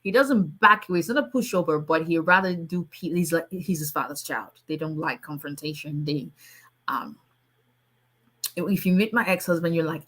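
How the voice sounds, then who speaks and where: Her voice is low and husky: a middle-aged Nigerian woman working as an immigration lawyer, talking casually on a live stream. She speaks rapidly with plenty of animation and laughs a lot.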